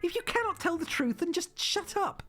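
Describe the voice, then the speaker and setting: A woman's voice: very high voice, expressive, moderate pace, fairly bright tone, faint music behind, pitched above the performer's own voice. A woman voicing a haughty, villainous female cat mayor in a game, with grandiose, sneering speech. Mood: scornful. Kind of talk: reading a game's dialogue aloud.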